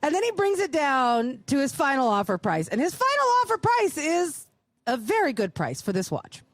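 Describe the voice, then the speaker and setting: Animated storytelling woman, high and swooping. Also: moderate pace, dry recording. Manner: profane, acts out dialogue with big pitch jumps. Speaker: podcast co-host. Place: live show on a cruise ship.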